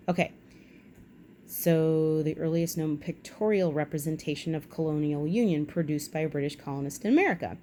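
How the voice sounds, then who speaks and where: A woman with a low voice reads a history article aloud for her vlog and keeps stopping to add chatty, wry remarks of her own. The recording carries a faint, steady hiss in the background. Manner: chatty asides, wry and self-correcting. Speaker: vlog host. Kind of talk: reading aloud with casual commentary.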